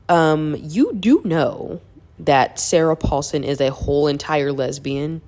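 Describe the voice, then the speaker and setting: A woman's voice: sits low, slow, a little mellow. A woman in a casual vlog aside, mocking herself and apologizing sheepishly. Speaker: book reviewer.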